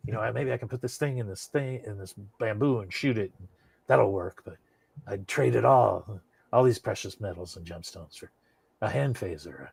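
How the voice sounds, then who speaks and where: A man doing a hushed, solemn starship captain. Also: fairly low pitch, gravelly, slightly rough, no room sound, exaggerated voice. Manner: slow, solemn, over-dramatic delivery. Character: impression of a famous starship captain, grave and halting.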